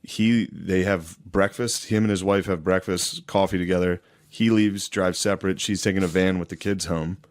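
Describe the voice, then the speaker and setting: A man's voice: low-pitched, steady tone, normal speed, hardly any pauses, no room sound, studio quality. A man co-hosting a podcast, telling a rambling story in casual, profane chat with lots of restarts. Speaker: podcast co-host.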